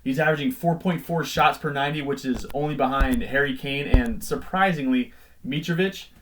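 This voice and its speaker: A man's voice: medium pitch, a little fast, a bit bright, slight background noise. A young man hosting a fantasy football video, talking through his team picks in a casual, jokey way with self-deprecating asides. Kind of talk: casual team-selection commentary.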